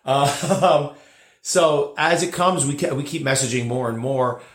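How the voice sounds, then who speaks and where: A man's voice: medium pitch, moderate pace, a bit bright. Rambling man with roomy echo. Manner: rambling, many fillers and restarts. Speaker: podcast guest, casino bartender. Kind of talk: casual interview storytelling.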